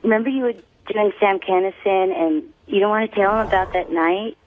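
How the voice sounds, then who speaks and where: A woman calls in over a thin, tinny phone line at a middling pitch. She teases and chides playfully. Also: fairly quick. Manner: playful, chiding. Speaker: caller. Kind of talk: phone-in banter.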